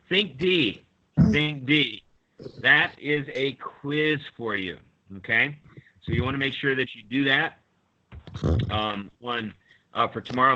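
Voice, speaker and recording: A male teacher runs a live online lesson, explaining patiently one step at a time and calling on students. His voice is bright and forceful. The audio comes through a little dull and lo-fi. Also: medium pitch.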